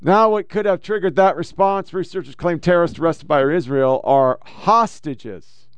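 Male podcast host, angry swearing commentary, slightly higher voice, crisp and dry. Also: normal speed, no room sound, dull audio. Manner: profane, heated, reads posts aloud. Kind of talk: ranting political commentary.

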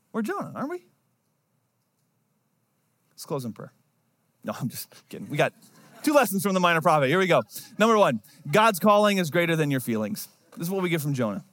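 A man preaching a sermon in a conversational, storytelling way, acting out quotes as he goes. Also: fairly high pitch. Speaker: pastor.

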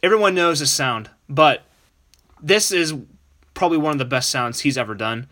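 A man hosts a casual sports podcast with an easygoing, unpolished manner. His voice sits a bit high and bright, and he restarts sentences freely as he sets up clips. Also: expressive, moderate pace. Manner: easygoing, laughs along, loose restarts. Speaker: podcast host.

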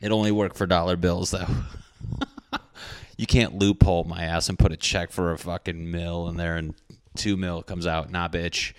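A man hosting a rambling comedic monologue, excitable, profane and self-mocking. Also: deep voice, moderate pace, clean tone, no room sound, studio quality.

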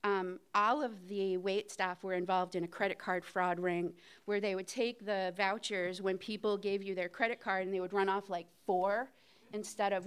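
A woman's voice: mid-range voice, fairly bright tone, clean tone. A middle-aged woman telling a candid personal story on a theater stage, talking conversationally with fillers and short laughs.

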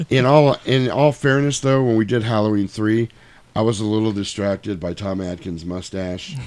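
A man with a lowish, darkish voice hosts a podcast while a little tipsy. His casual chat is loose and rambling, and he curses freely.

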